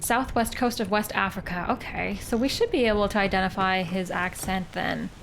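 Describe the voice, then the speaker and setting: A woman's voice: medium pitch, moderate pace, gravelly, a bit bright, a little hiss or hum. A woman from Canada streaming a game live, thinking aloud in a playful way. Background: game music.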